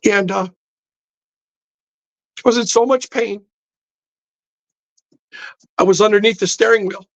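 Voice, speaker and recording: A man's voice: high-pitched, steady tone, measured pace, a bit bright, no room sound, poor audio. Guy telling a story real intense on a podcast, acts out all the lines, dead dry close mic. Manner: intense, vivid storytelling with quoted dialogue. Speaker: podcast guest. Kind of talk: storytelling in casual chat. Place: podcast studio.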